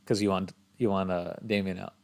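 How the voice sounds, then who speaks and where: Man, low-pitched co-host; relaxed, agreeable, quick to laugh. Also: gravelly. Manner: easygoing, agrees often, laughs along. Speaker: podcast co-host. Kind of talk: casual wrestling chat. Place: around a table with co-hosts.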